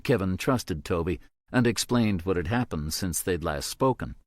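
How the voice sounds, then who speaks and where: A man narrating an audiobook in a steady, measured way. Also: sits low, no room sound, studio quality.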